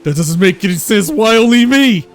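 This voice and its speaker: A man's voice: medium pitch, a little fast, soft background music, close to an everyday voice. A man voicing an anguished young adventurer. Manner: pleading, shouting in anguish. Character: young male adventurer haunted by nightmares.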